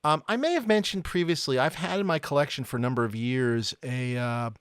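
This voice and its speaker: A man's voice: mid-range voice, brisk, smooth, no echo, studio quality. A man co-hosting a podcast, telling stories casually with many hesitations and fillers. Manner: hesitant, filler-heavy storytelling. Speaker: podcast co-host and prop collector. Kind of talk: casual chat.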